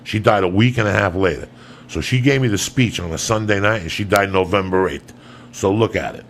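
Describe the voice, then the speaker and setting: A man's voice: lowish voice, a little fast, a little hiss or hum. A man, a comedian and podcast host, telling a long profane story in a rambling, loose way.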